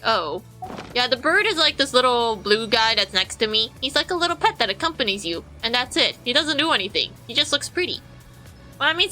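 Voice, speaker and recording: A woman's voice: on the high side, pushed and bright, rough recording. A woman streamer giving casual gameplay commentary, rambling through explanations to her chat.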